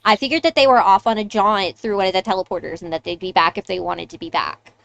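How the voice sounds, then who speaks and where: A woman's voice: mid-range voice, fast, gravelly, a bit bright. Girl doing a blunt fairy lady boss, swears a lot, sounds put out. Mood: dismissive. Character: brash fairy woman who runs a city.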